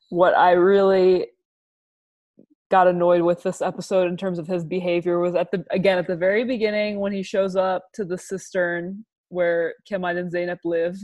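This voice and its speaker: A woman with a fairly low voice rants in a casual podcast chat. She gets animated and worked up as she talks. She sounds like a regular co-host speaking her mind.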